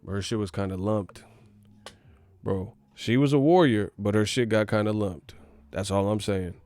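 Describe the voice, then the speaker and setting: A man delivering a profane comedic rant, swinging between loud outbursts and hushed whispers. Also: fairly low pitch, a little slow, dry recording.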